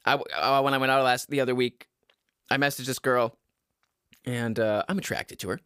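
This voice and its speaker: Crude, rambling young guy with a bright voice. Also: medium pitch, fairly even intonation, moderate pace, smooth, no room sound, studio quality. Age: 20s. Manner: crude, rambling, laughs at his own jokes. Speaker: vlogger giving dating advice. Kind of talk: casual rambling monologue to camera. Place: at home.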